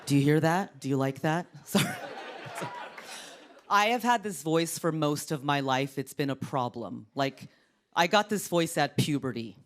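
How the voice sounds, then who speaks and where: A woman in her thirties from Orange County doing stand-up on a TV studio stage, with a deep, sultry voice and deadpan, self-mocking delivery. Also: measured pace, a little hiss or hum. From Orange County, California. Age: 30s. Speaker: comedian. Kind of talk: stand-up comedy. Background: studio audience laughter.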